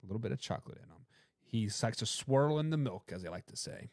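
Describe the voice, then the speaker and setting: A man's voice: mid-range voice, animated, fast, a little mellow, dry recording, studio quality. A man with a Boston accent hosting a casual sports talk show, joking and stumbling over words as he sets up each game. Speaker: show host.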